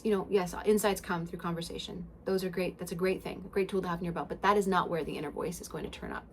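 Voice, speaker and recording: A woman hosting a podcast, giving an emphatic spiritual self-help monologue full of swearing that swings between loud and hushed. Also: on the low side, slight background noise. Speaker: podcast host.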